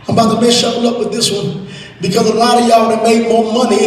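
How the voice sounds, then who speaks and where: High-pitched preacher shouting in echoing hall. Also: male voice, level tone, background noise. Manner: preaching with shouted, sung climaxes and drawn-out words. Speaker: pastor. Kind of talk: sermon. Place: church sanctuary. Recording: echoey church hall from far off.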